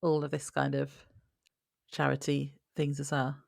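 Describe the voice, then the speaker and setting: A woman's voice: rumbling low, monotone, measured pace, gravelly, no echo, clean studio sound. A woman co-hosting a podcast, chatting in an easygoing, agreeable way. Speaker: podcast co-host. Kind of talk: casual chat.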